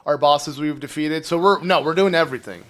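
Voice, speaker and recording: A man streaming a game live, chatting casually and rambling to his viewers while his phlegmy throat keeps needing clearing. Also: fairly high pitch, a little fast, a bit bright. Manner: rambling, chatty, talks to chat. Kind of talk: casual live gameplay commentary.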